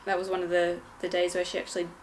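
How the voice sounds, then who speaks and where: A woman's voice: lowish voice, monotone, rapid-fire, a little hiss or hum. A young woman and new mother giving a casual vlog update at home, hesitant, with many ums and restarts.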